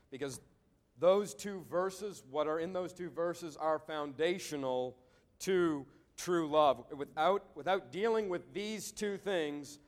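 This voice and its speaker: A male pastor giving an earnest sermon to a congregation, often repeating words as he thinks aloud. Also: fairly high pitch. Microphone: preaching to a congregation.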